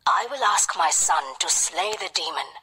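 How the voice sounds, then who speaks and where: A woman voicing a calm, resolute mother in a storybook, speaking reassuringly. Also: fairly low pitch, unhurried, slightly rough, exaggerated voice. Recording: long hall reverb.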